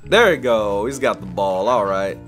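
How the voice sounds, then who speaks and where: A man hosting a reaction video, excitable and jokey, talking back at the screen and breaking into loud shouted exclamations. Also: on the low side, normal speed, soft background music. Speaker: YouTube host. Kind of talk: reaction commentary.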